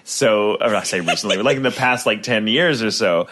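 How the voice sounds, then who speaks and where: A man's voice: a little fast, sharp tone. A middle-aged man co-hosting a podcast, chatting casually, swearing and joking. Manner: swearing, joking, jumps in pitch. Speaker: podcast co-host. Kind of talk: casual chat.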